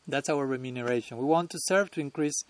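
A man's voice: mid-range voice, moderate pace. A man giving a devotional lecture at a temple as a swami, chuckling often and talking conversationally while searching for words.

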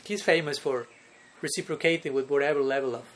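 Here a spiritual teacher lectures on devotion in a fairly high voice, talking at a quick pace. He keeps prompting listeners with "no?" and "okay?", chuckling often between points.

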